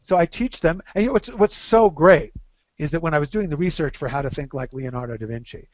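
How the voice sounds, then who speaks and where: Animated man explaining ideas, dry sound. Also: fairly high pitch, no room sound. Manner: animated storyteller, stresses key phrases slowly. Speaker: guest expert. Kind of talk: webcast interview.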